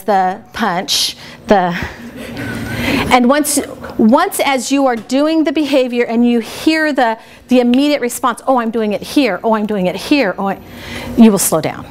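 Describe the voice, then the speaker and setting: A woman's voice: a little high, darkish tone. A woman speaking coach teaching a live workshop, playful and laughing with the audience. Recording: noisy room recording.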